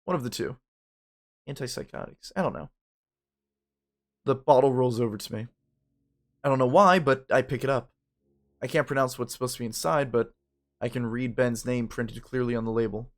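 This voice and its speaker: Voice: mid-range voice, steady tone, a little fast. A narrator reading a story game aloud in the first person, with casual asides.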